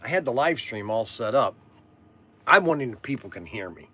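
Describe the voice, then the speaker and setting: A middle-aged man who runs a toy shop, hosting a casual live stream in a loud, rambling, chatty way. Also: mid-range voice, very animated, fairly quick, breathy edge. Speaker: toy shop owner and vlog host.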